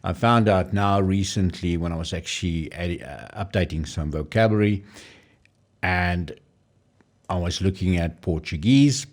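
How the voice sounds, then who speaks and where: A man presenting a casual screen-share language tutorial, explaining and slowly demonstrating how foreign words are pronounced. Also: low voice. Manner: explanatory, pausing to demonstrate pronunciations.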